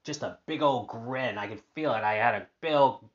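A man's voice: medium pitch, normal speed, lo-fi sound. A man hosting a casual personal podcast monologue, upbeat and rambling with lots of fillers and restarts. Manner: upbeat, positive. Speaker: podcast host.

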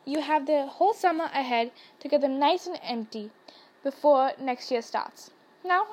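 A woman's voice: high voice, a little mellow. A woman voicing a cheerful, whimsical old male headmaster who rambles.

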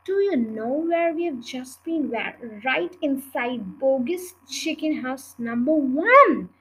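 A woman voicing a clever, confident male fox in a storybook reading, speaking in a bright, reassuring voice. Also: sits high, lively intonation, slow pace, full character voice, rough recording. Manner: reassuring, sly.

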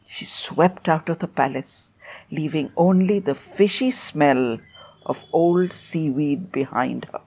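A woman author reading her storybook aloud on her podcast, then talking about her writing in an unhurried, thoughtful way. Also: low voice, expressive, mellow, breathy edge. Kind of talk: storybook reading and casual talk.

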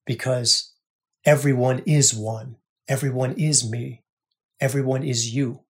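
A man hosting a spiritual podcast, talking earnestly in a monologue, repeating phrases and often dropping to a soft hush. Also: medium pitch, fairly even intonation, a little slow. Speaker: podcast host.

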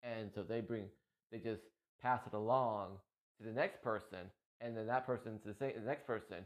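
A man's voice: fairly low pitch, moderate pace. A man streaming on Twitch, talking to his viewers in a rambling, heartfelt way, often repeating himself and getting emotional. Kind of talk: casual heartfelt talk to viewers. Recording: dull lo-fi stream mic.

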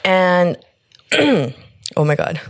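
A young woman from the United States hosting her own show, telling a personal story in a candid, animated way and swearing freely. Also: on the low side, extremely slow, clear, resonant tone, no room sound, clean studio sound. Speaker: host.

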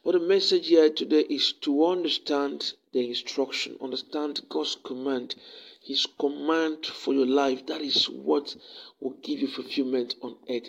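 A man's voice: fairly high pitch, steady tone, unhurried, gravelly, muffled recording. A man giving a devotional sermon and closing prayer, preaching fervently and often repeating words as he builds a point.

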